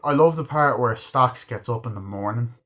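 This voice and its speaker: A man's voice: mid-range voice, moderate pace, a bit bright. Male movie reviewer, casual and rambling, heavy swearing, mid-range voice. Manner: rambling, swears freely, retells scenes. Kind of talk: casual spoken film review.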